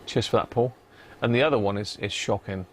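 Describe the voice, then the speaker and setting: A man's voice: fairly low pitch, brisk, slight background noise. A man chatting casually on a live stream while he repairs a radio in his home workshop, rambling and muttering to himself as he works.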